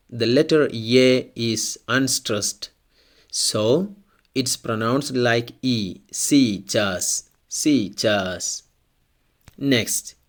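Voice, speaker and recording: A male teacher talks through a pronunciation lesson at an unhurried, measured pace. His pitch sits in an ordinary middle range, and he says each example word twice so it sinks in. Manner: slow, deliberate, repeats example words. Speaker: language teacher. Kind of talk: scripted language lesson.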